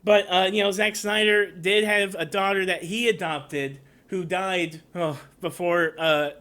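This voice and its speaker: High, bright-voiced man rambling about movies. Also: steady tone, a little slow. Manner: rambling, emotional, tearing up at times. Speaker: YouTube movie reviewer. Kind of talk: casual trailer review vlog.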